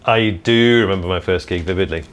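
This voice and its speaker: A man being interviewed as a comedian and impressionist, telling anecdotes in an animated way and acting out the people he quotes. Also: deep voice, a little fast. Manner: animated storyteller who acts out the people he quotes.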